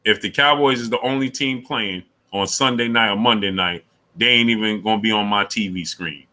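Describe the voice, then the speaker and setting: A middle-aged man hosting a casual live stream, reading super chats, repeating himself and climbing high when he argues. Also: normal speed, poor audio. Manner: animated, repeats himself, rises sharply when arguing.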